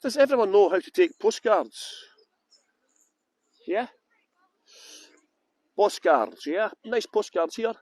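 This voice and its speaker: A man's voice: sits high, animated, takes it slowly, long pauses, dry recording. A Scottish man working as a tour guide, rambling through self-mocking banter and greeting viewers by name during a live stream outdoors in a garden. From Scotland.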